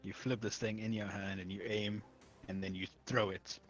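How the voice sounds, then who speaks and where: A man runs a tabletop game as its game master. He narrates the fights with lively energy and laughs often between lines. Faint music plays behind him. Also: lowish voice, moderate pace, lo-fi sound.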